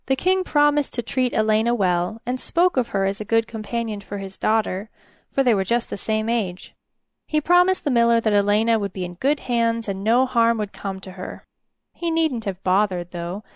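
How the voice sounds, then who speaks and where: A woman's voice: fairly high pitch, expressive, normal speed, smooth, no echo. Woman reading a storybook, dry close sound. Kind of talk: scripted storybook narration.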